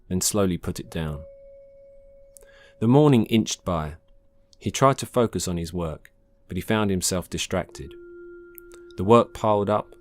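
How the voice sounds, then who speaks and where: A man reading his own short science-fiction story aloud in a calm, measured narration. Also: low voice. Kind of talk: scripted narration.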